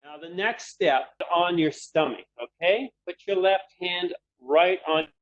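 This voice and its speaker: Male webinar presenter, calm guided-exercise delivery, slightly higher voice, dull call audio. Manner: calm, slow, repeats cues in threes. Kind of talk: guided breathing instruction.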